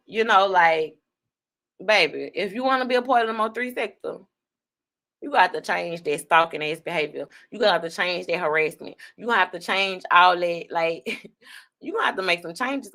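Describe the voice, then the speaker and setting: A woman hosting an online talk show, giving blunt, profane commentary on online drama in a casual, fast-talking way. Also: medium pitch, pushed and bright. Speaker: online radio host.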